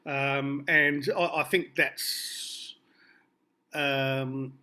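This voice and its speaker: His mid-range voice is bright and forceful, with a flat delivery and drawn-out words. The Australian musician, interviewed as a guest, tells rambling, laughing anecdotes packed with fillers.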